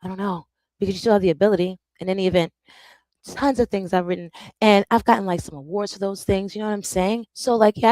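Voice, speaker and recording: A woman hosting a live stream, talking in a rambling, animated way and calling her viewers "bro" and "darling". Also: medium pitch, no room sound, low-quality recording. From United States. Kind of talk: casual live stream monologue.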